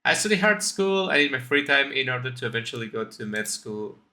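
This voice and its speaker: A man's voice: medium pitch, expressive, fast talker, pushed and bright. A man voicing an earnest, devoted young male student, reading game dialogue aloud in a raised, eager voice.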